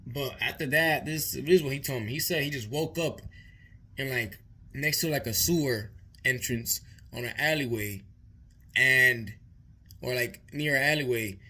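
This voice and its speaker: A man's voice: mid-range voice, moderate pace, pushed and bright, slightly rough. A young man vlogger telling a long story in a casual, rambling way, full of swearing and repeated words. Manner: rambling, profane, repeats himself.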